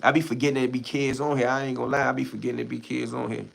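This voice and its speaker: Gravelly-voiced D.C. man ranting. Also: mid-range voice, flat delivery, racing. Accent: Washington, D.C. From Washington, D.C. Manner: heated, blunt, profane street talk. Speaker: livestream host. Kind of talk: casual livestream rant answering chat.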